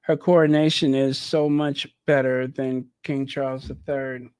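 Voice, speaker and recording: A man's voice: medium pitch, level tone, unhurried, a little mellow, clear, resonant tone. A man hosting a channel, chatting casually and thinking aloud as he talks straight to his viewers. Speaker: channel host. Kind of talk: casual live reaction commentary.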